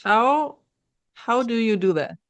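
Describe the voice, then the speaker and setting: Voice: medium pitch, lively intonation, takes it slowly, smooth, no echo. A podcast host asks interview questions in a hesitant way, with many fillers and restarts.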